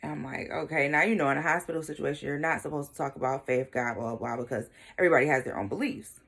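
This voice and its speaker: A young woman vlogger telling a personal story in a candid, casual way, brushing details aside with quick throwaway remarks. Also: deep voice, gravelly, fairly bright tone. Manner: casual, shrugging asides like "blah, blah" and "whatever".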